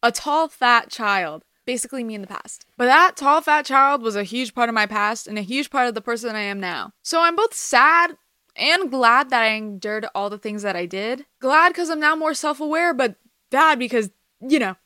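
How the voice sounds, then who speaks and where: Eighteen-year-old woman, candid and bright. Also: on the high side, expressive, normal speed, clear, resonant tone, no echo, studio quality. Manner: candid, swears freely, swings from quiet to emphatic. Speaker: podcast host. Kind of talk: personal confessional monologue.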